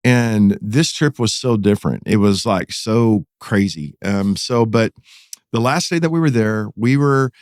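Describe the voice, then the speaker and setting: A man's voice: on the low side, unhurried, clean tone, no echo, clean studio sound. A middle-aged man with a Texan accent, a pastor telling a dramatic story in a casual podcast interview, his voice climbing as the tale builds. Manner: animated, dramatic retelling with rising excitement.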